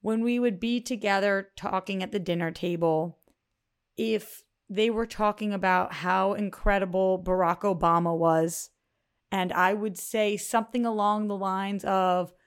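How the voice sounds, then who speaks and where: A woman's voice: medium pitch, steady tone, measured pace, clear, resonant tone. A woman co-hosting a podcast, telling personal relationship stories in an earnest, explanatory way. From Boston. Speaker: podcast co-host. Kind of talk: casual podcast chat.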